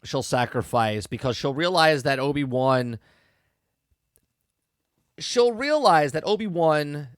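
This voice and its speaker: A man's voice: mid-range voice, smooth, no echo, clean studio sound. A man hosting a podcast, giving a rambling, exasperated spoken review that repeats its points and swears freely. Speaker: podcast host. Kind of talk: casual show review commentary.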